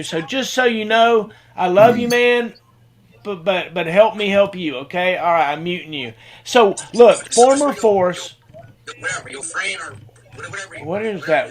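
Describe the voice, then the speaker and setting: High-voiced man hosting a video call. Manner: rambling, repeats words, warm thanks. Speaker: host of a video-call hangout. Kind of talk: casual video-call chat.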